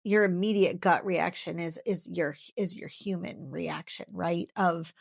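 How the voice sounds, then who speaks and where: A woman in her thirties tells her story of faith in an interview. Her voice sits low and carries a gravelly fry. She speaks earnestly and from the heart, and often repeats a phrase several times for emphasis. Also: fairly even intonation, unhurried. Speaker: guest sharing her story.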